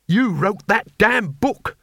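A man's voice: on the high side, lively intonation, moderate pace, no echo. A man voicing a cowardly male wizard who talks in a dry, sarcastic, exasperated way.

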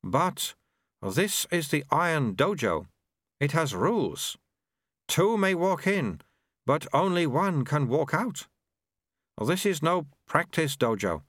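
A man voicing a small babbling toddler abbot who talks in high baby talk, in an audiobook. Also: sing-song, slow, a bit bright, no room sound, studio quality, exaggerated voice. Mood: babbling, serene. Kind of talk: audiobook character voice.

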